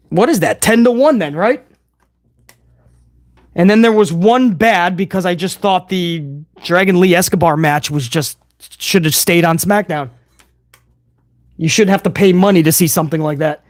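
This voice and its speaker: A fairly high-pitched man chats excitedly to his viewers on a live stream, casual and profane, tossing in "bro" and "man." The sound is close and dry, with no room around it. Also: unhurried, long pauses, no room sound. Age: older adult fan. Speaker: livestream host reacting to wrestling. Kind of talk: live reaction stream commentary.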